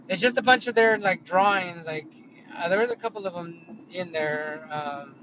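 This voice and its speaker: Casting note: a man with a high voice for a rambling, profane casual story. Dull lo-fi audio from inside a car. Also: background noise. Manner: rambling, heavy swearing, many fillers.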